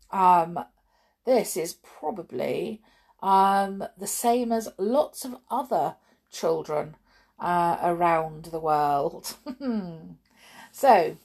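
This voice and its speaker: A woman reading a children's story aloud in an animated, expressive way, with a few fillers. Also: fairly low pitch, husky.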